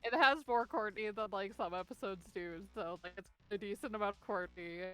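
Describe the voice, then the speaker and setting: Young woman, mid-pitched, easygoing co-host chat with frequent laughs. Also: a little fast, faint music behind. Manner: relaxed, laughs often, uses filler words. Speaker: podcast co-host. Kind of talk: casual chat.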